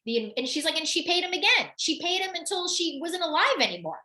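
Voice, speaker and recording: Bright, emphatic woman coaching in a roomy room. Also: very high-pitched, brisk. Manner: animated, emphatic, many "like" fillers and repeats. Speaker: business coach hosting a webinar. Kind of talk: live coaching conversation.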